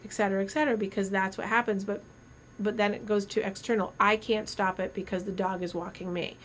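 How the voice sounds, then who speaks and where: A woman's voice: mid-range voice, flat delivery, fast talker, slight background noise. A woman doctor chatting casually on a podcast, telling stories animatedly with metaphors and restarts. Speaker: doctor co-host.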